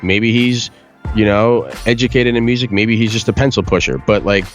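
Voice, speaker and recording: A man's voice: fairly low pitch, normal speed. Blunt, profane male music producer. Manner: blunt, profane, animated explaining with mimicked voices. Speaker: podcast guest, music producer. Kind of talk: casual podcast chat.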